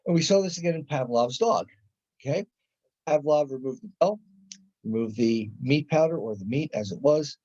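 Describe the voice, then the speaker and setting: A middle-aged male lecturer talks through psychology in a loose, conversational way, stopping to restart sentences and act out examples. His voice is dark and mellow, and the recording sounds dull and lo-fi. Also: mid-range voice, animated, normal speed. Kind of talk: classroom lecture.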